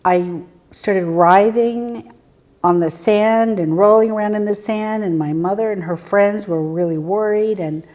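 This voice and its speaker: A woman guest telling personal stories in an interview, earnest and reflective, halting with fillers and sometimes sinking to a near whisper. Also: mid-range voice, darkish tone. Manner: halting, with frequent fillers and restarts. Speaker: guest, spiritual medium.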